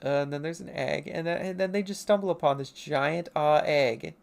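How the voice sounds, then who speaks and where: A woman streamer casually talking through her own comic pages in a self-mocking, giggly, rambling way. Her voice sits low. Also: normal speed, vocal fry, a little mellow. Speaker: artist streaming.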